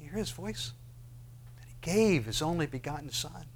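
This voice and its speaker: A pastor preaching a sermon, asking his listeners question after question and swinging between hushed, slow passages and loud, rising ones. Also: a little high, very animated, husky.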